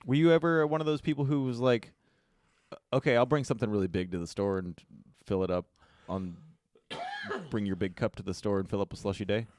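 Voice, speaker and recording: Man, fast and animated, playful podcast banter, dry close mic. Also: lowish voice, dry recording. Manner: quick, playful, jokey. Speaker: podcast co-host. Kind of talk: casual podcast chat.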